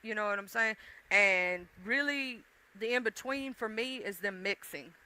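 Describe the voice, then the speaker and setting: A woman with a mixed deep-South accent, rambling casually to her livestream chat, addressing viewers directly and swearing freely. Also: unhurried, sharp tone, clear, resonant tone, rough recording. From Southern United States. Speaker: livestream host.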